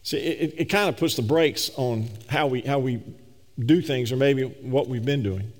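A man preaching a sermon, swinging between emphatic raised peaks and slow, low scripture reading. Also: darkish tone. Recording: long reverb of a large hall.

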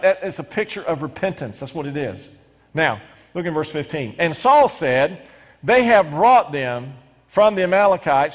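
A middle-aged male pastor preaching a sermon, animated and stumbling into quick restarts as he reads scripture and explains it. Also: a little high. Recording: long hall reverb.

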